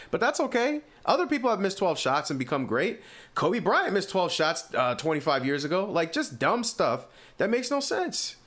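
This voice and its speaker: A man with an East Coast American accent hosting a sports podcast, giving opinionated, animated commentary full of rhetorical questions. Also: high voice, normal speed. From US Northeast.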